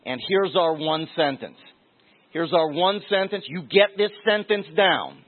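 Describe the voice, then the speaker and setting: A man's voice: a little high, a little slow. A man preaching a sermon in a conversational way, repeating key phrases for emphasis. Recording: tinny phone-like sound.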